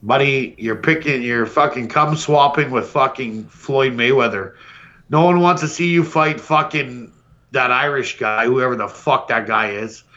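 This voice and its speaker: A man's voice: medium pitch, a little slow, pushed and bright, lo-fi sound. A man hosting a podcast, delivering a brash, profane comedic roast rant. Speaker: podcast host.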